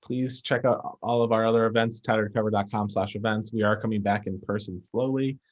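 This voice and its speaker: A man hosts a live-streamed author talk for a bookstore over a video call. His voice is low, and he gushes like a fan, tripping over restarts as he goes. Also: steady tone, a little fast, highs cut off. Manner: enthusiastic, gushing, stumbling restarts. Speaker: bookstore event host.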